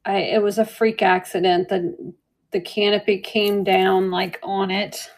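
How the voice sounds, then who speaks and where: A woman's voice: medium pitch, little pitch movement, measured pace. A woman casually chatting while selling jewelry live, telling a rambling story with lots of fillers. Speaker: online jewelry seller. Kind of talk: casual live-sale chat.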